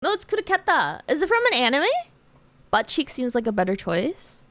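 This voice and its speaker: A high-pitched, sing-song woman streamer talks at a moderate pace in a fairly bright tone as she draws and chats casually with viewers. Giggly and full of "like" fillers, she answers chat questions; there's no echo.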